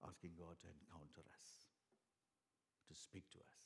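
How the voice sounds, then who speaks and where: A man delivers a sermon in a somewhat low voice. He talks earnestly, stumbling over restarts and fillers, then swells loudly on the words he wants to stress. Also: little pitch movement, moderate pace, pauses often. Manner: earnest, many fillers and restarts, swings from soft to loud emphasis. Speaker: preacher.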